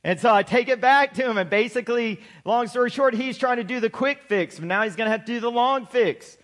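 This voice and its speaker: A middle-aged man, a pastor, preaching a sermon, slowing down to stress his points and joking in chatty asides. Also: very high-pitched, a bit bright. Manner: preaching with slow emphatic build-ups, then chatty joking asides.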